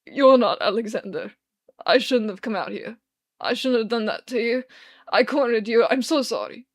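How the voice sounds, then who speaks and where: A woman's voice: fairly high pitch, fairly even intonation, unhurried, darkish tone, no room sound, clean studio sound. A woman voicing a drunken, grieving man who slurs, stammers and weeps through his words. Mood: sobbing. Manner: slurred, tearful, stammering.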